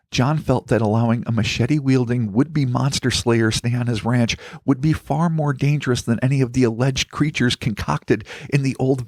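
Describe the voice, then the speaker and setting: A man hosting a podcast, reading out a story in a measured, dramatic narration. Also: medium pitch, darkish tone, no room sound, studio quality. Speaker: podcast host.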